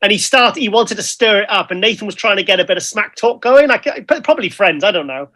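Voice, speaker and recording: A British man co-hosting a casual chat, rambling and lively as he tells stories. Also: high voice, fast talker. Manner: chatty, rambling, lively storytelling. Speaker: co-host.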